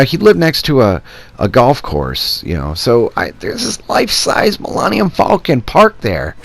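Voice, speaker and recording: A man's voice: medium pitch, vocal fry. A man telling a casual, rambling personal anecdote and acting out the quoted dialogue as he goes. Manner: animated, acts out quoted dialogue in rambling asides. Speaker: storyteller vlogger.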